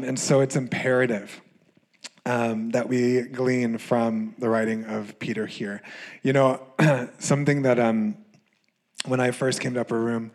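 Young American male pastor, mid-range voice, chatty sermon delivery with laughs and fillers. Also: mid-range voice. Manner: animated storytelling with laughter and fillers.

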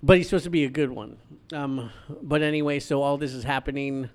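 Halting man recapping a movie plot. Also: medium pitch, a little mellow. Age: adult father. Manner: hesitant, lots of ums and restarts while recapping plot. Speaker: podcast co-host. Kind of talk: casual movie chat.

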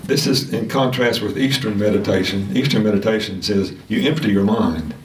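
A man teaching a casual Sunday school lesson, talking in a halting way with many restarts and fillers. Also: lowish voice. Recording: roomy sound from a distant mic.

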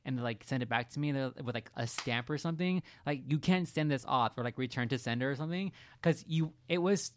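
A woman's voice: very deep voice, brisk, hardly any pauses, a little hiss or hum. Gossipy woman host, casual chat. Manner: gossipy storytelling, laughs often.

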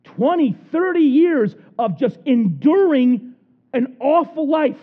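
Male pastor, lively sermon storyteller, high and swooping voice. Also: takes it slowly. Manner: animated storytelling, acting out the characters. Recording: tinny phone-like recording.

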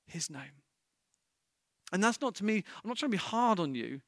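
A man's voice: high-pitched, sing-song, normal speed, fairly bright tone, no echo, clean studio sound. A man preaching a sermon as pastor, impassioned, building to emphatic peaks.

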